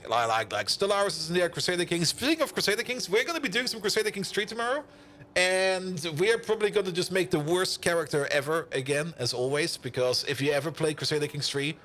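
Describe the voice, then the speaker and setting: A man's voice: fairly high pitch, a bit bright, slight background noise. A young man streaming a game, chatting casually, joking, rambling and laughing often. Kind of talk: casual live-stream chat.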